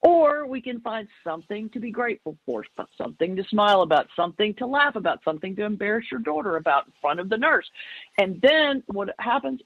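A woman who is a minister and comedian, telling a story in an interview in a playful, animated way. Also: fairly low pitch, dry recording. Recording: dry, slightly muffled remote audio.

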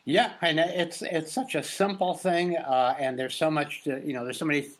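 A man hosting an interview, speaking in a reflective, halting way. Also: fairly high pitch, fairly even intonation. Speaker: host. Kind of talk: conversational interview.

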